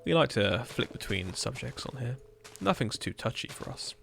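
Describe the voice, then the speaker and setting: A man streaming a building game, chatting casually and rambling with dark jokes. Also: medium pitch, expressive, moderate pace, vocal fry, slight background noise. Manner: rambling, joking, darkly humorous. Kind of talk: casual chat while gaming.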